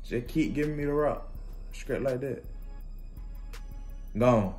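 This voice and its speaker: A young man, bursting into loud exclamations over the plays. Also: medium pitch, takes it slowly, long pauses, faint music behind. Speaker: reaction channel host. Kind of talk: casual sports highlight reaction.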